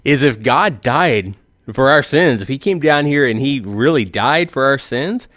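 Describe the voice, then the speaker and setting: A man's voice: medium pitch, expressive, a little slow, fairly bright tone, no room sound, clean studio sound. A man in his forties, a YouTuber giving a rambling comedic monologue and laughing at his own jokes. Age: 40s.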